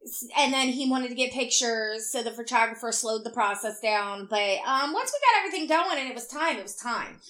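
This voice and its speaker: A woman in casual chat, relaxed, adding details with fillers like "um". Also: on the high side, brisk, few pauses.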